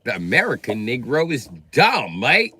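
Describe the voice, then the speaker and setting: Man doing a mock-British snob; sneering, bright, lively pitch. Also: normal speed, breathy edge, no room sound, exaggerated voice. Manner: sneering, drops "bloody" and "mate".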